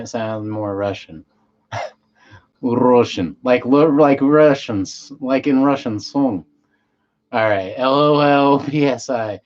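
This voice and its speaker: A man with a fairly low voice talks loosely on a home livestream, high and wandering off mid-sentence. He swears casually and restarts his thoughts often. The stream audio sounds dull and lo-fi. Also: a little mellow. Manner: loose, meandering, self-interrupting, stoned and swearing. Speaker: livestream host. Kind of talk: rambling casual livestream chat, reading chat aloud.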